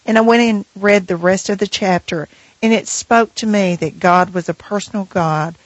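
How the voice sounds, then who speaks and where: A woman speaks in a close, dry studio sound, sharing a personal faith story on a Christian radio show. Her voice sits in a middle pitch, and she talks earnestly and reflectively. She slows down when she reads scripture aloud. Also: no room sound, muffled recording. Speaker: co-host of a Christian radio program. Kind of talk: personal testimony, sharing devotional reading.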